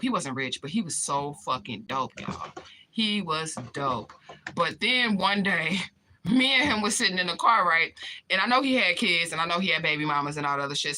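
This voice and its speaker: A woman hosting a live stream who tells dating stories in a casual, profane and animated way and talks to her chat. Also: low voice, slight background noise. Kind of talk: casual storytelling vlog.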